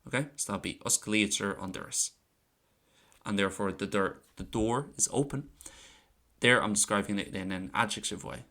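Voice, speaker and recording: This is a laid-back online class led by an Irish language teacher, a lowish-voiced man from Ireland. Chatty and easygoing, he steps through grammar examples and slows down whenever he repeats key phrases.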